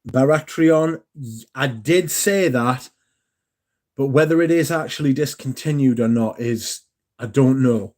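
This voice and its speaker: A man hosts a casual livestream. His voice is mellow and dark, and he rambles along in a chatty, loose way, swearing freely. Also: medium pitch, measured pace. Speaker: livestream host. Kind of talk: casual chat.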